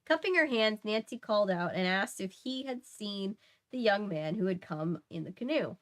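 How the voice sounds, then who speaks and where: A woman's voice: mid-range voice, expressive, normal speed, a bit bright. A young woman reading a mystery novel aloud on a casual stream, adding chatty asides and correcting her own slips as she goes. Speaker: host reading a book aloud. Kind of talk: casual read-aloud livestream.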